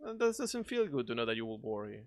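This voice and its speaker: A man with a non-native English accent streaming a video game, chatting excitably, laughing and swearing often. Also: mid-range voice, quick pace, dry recording. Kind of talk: casual live-stream chat.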